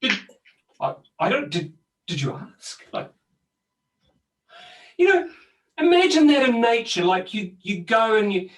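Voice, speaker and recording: A man co-hosting a casual conversation, telling stories in an animated, rambling way with lots of restarts. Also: extremely high pitch, unhurried, pauses often, far from the mic, poor audio. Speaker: co-host. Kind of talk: casual conversation about personal growth.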